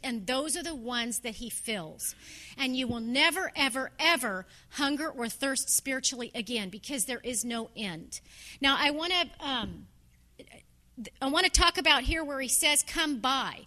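Woman preacher, high and bright voice, chatty earnest sermon. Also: animated, measured pace. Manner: conversational, storytelling, earnest.

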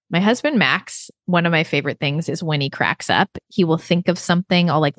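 A woman hosting her own podcast, telling a story in a chatty, animated way, often laughing and acting out quoted dialogue. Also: fairly low pitch, no echo, clean studio sound. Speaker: podcast host. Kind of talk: casual solo podcast storytelling.

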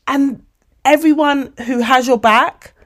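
A woman of forty, hosting a casual motivational podcast monologue, animated and emotional, calling her listeners babes. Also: high voice, takes it slowly. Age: 40s. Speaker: podcast host.

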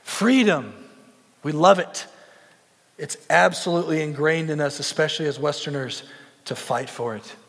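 A man's voice: fairly high pitch, moderate pace, creaky, fairly bright tone. A young man preaching a sermon in an earnest, conversational way. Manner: earnest, conversational with film references. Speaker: pastor. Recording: long hall reverb.

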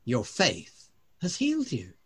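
A man voicing a calm, kindly teacher, in a gentle, measured reading. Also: mid-range voice, husky, heavily acted.

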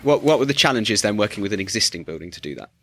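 A man's voice: on the low side, sing-song, racing, background noise. A man hosting a podcast, asking long, winding questions with restarts. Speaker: podcast host. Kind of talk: interview questions.

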